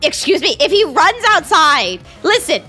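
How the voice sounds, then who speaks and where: A woman's voice: high-pitched, very animated, unhurried, sharp tone, faint music behind. A young woman from Canada's west coast, streaming and chatting casually while gaming, giggly and rambling. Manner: giggly, rambling, lots of restarts and repeats.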